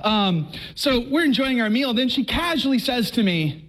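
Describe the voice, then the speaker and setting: A man from Texas giving a personal faith testimony to a live audience, telling his story in an animated, conversational way and often restarting his words. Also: very high voice, normal speed, rough recording.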